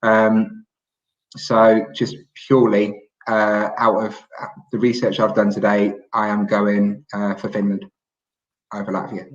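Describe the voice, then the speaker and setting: A man's voice: fairly low pitch, completely flat delivery, unhurried. A man co-hosting a sports podcast in casual chat, rambling with lots of ums and restarts. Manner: rambling, many fillers and restarts. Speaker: podcast co-host and MMA pundit. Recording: echoey, muffled remote mic.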